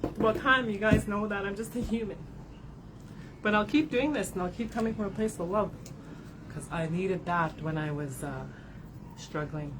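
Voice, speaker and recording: At a moderate pace with frequent pauses, a medium-pitched woman gives a card reading to followers, with background noise audible. As a card reader and spiritual advisor in an emotional livestream, she speaks candidly and swears, often tags sentences with "right?", and is tearful at times.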